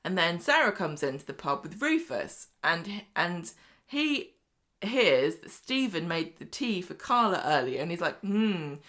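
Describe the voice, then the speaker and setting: A woman co-hosting a casual podcast, chatty, retelling scenes with quick asides. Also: lowish voice, big pitch swings, bright, forceful tone. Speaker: podcast co-host. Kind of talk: casual soap recap chat.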